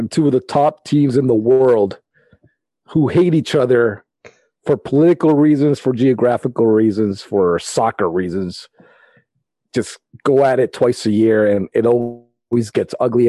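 A man co-hosting a podcast, explaining in a measured, thoughtful way. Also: mid-range voice, mellow, no room sound, rough recording. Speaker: podcast co-host. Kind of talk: casual chat.

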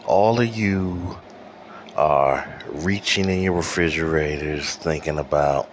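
A man from Detroit holds forth alone on his podcast in a very low voice, taking his time over every word. His rant is profane and rambling, punctuated by "okay?", and recorded at home with an air conditioner humming faintly behind him. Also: a little slow, a bit bright. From Detroit, USA. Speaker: podcast host. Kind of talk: solo ranting monologue. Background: faint air conditioner hum.

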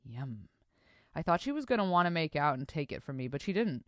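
A woman's voice: on the low side, very animated, fast, no echo, studio quality. A woman hosting a podcast in casual chat, reading listener stories aloud and reacting to them with crude, profane, mock-disgusted humor. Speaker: podcast host.

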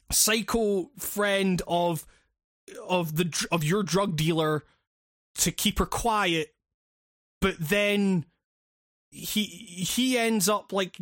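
A man talks through a game's story in loose, rambling chat, peppered with swearing and restarts. His voice sits high for a man. The recording is close and dry, with no room sound. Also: a bit bright, dry recording. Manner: rambling, profane, with many fillers and restarts. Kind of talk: casual chat recapping a video game.

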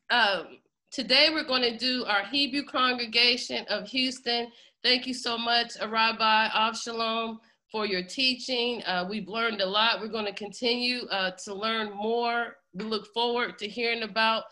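A woman delivers an impassioned sermon as host of a congregation, pleading and close to tears. Her voice is bright and forceful, pitched a little high. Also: fairly even intonation, unhurried. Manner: fervent, pleading, emotional. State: near tears. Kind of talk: impassioned preaching.

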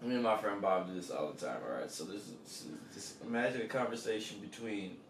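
A man's voice: lowish voice, animated, quick pace, slight background noise. A man co-hosting a podcast in casual chat, talking in a laid-back, rambling way. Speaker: podcast co-host. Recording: roomy, distant mic.

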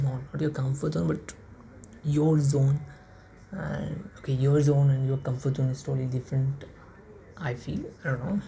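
A woman hosts a solo podcast, rambling unscripted, swearing casually, and sounding sleepy as she yawns. Her voice is deep, gravelly, and dark-toned, with a little hiss or hum in the recording.

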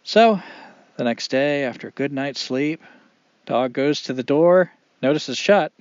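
Man telling a folk tale, animated. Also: fairly high pitch, dry recording, muffled recording. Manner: animated, expressive, with dramatic pauses. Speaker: storyteller. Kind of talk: oral storytelling.

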